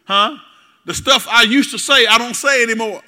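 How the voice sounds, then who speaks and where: A male preacher with a high, strikingly bright voice delivers a sermon. He keeps asking the congregation questions and pausing for their answers. The sound rings with a long reverb, as in a large hall. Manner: call-and-response questions to the congregation. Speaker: pastor.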